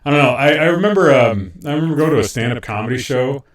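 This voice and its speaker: A man's voice: mid-range voice, lively intonation, quick pace, echoey room, far from the mic. A man from French Canada co-hosting a podcast, trading crude jokes in casual banter. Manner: joking, crude. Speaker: podcast co-host.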